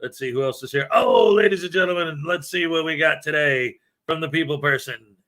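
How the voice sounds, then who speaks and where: A man's voice: a little high, brisk, sharp tone. A man hosting a casual livestream, chatting loosely, telling jokes and greeting viewers by name. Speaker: livestream host. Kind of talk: casual live-stream chat.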